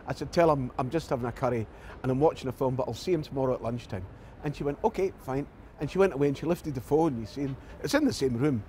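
Here a fast-talking Scottish man with a Glasgow accent and a medium-pitched voice barely pauses as he recounts anecdotes as an actor guest in an interview. He brings his stories to life by acting out others' lines, with slight background noise behind him.

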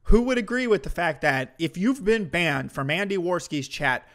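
A man's voice: sits high, lively intonation, normal speed, a bit bright. A man streaming commentary to his chat, ranting in a heated, mocking way with heavy swearing.

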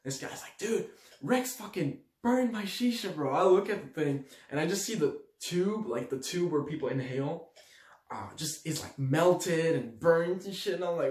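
A young man from Switzerland telling a story to his audience in a slangy, animated way, acting out the quotes loudly. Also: a little high, moderate pace. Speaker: vlogger. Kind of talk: storytelling to camera. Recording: echoey room.

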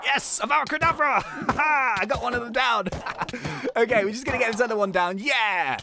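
A young man hosting a gaming channel, giving chatty, excitable play-by-play commentary and often laughing at the game. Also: very high voice, normal speed, background noise.

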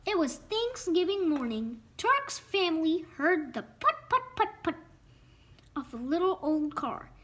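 A woman reading a children's picture book aloud, expressive and slow. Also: extremely high pitch. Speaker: storyteller. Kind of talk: children's story read-aloud.

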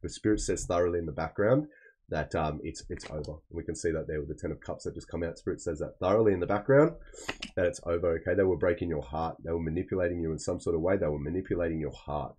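A man's voice: low-pitched, fast, a little mellow, slightly rough, rough recording. A man giving a casual, rambling tarot reading, often repeating himself and checking in with "okay?". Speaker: tarot reader.

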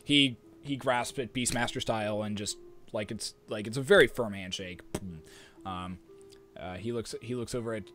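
A man's voice: fairly low pitch, fairly even intonation, fairly quick, a bit bright, faint music behind. Rambling male game master. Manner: rambling with many restarts and fillers. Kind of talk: narrating a tabletop game.

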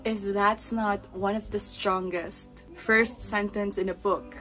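A woman's voice: mid-range voice, fairly even intonation, takes it slowly, fairly bright tone, soft background music, poor audio. Emotional young Filipino woman gushing about books. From Philippines. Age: 20s. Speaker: book vlogger. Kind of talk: casual chat.

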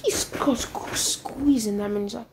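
A woman's voice: on the high side, a little slow, noisy background. A woman improvising a fan-fiction retelling, rambling and stumbling over words, with frequent whispered asides. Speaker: storyteller.

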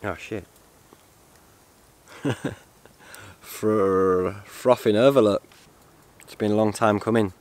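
A man chatting to camera in a casual vlog, excitable and rambling. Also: fairly low pitch, slow, long pauses, no room sound. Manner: excitable, rambling, swears and laughs often. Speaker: outdoor vlogger.

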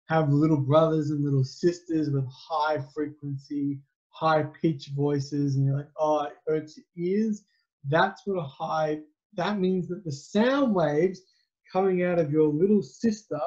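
A man's voice: on the high side, fairly even intonation, slow, darkish tone, dull audio. A man teaching a physics lesson, explaining in a conversational, rambling way with fillers. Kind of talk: recorded classroom lecture.

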